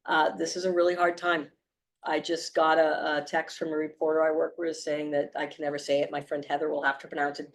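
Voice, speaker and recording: Earnest woman speaking to a live audience. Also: on the low side. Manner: earnest, warm, with frequent fillers and restarts. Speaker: author giving a book talk. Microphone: handheld or stand mic.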